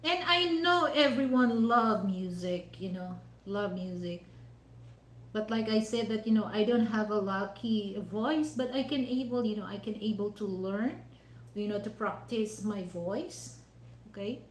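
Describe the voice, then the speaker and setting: A woman's voice: medium pitch, measured pace, echoey room, rough recording. A woman vlogger chatting casually over dinner, rambling and leaning on "you know" fillers with non-native phrasing.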